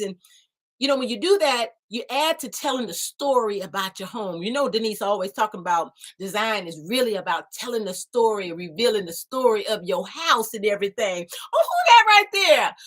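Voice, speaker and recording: A woman's voice: a little high, a bit bright. A woman voicing a sassy, folksy female design assistant who chats with a bubbly, teasing manner and plenty of slang. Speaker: show's alter ego design assistant. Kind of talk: chatty talk-show segment in character.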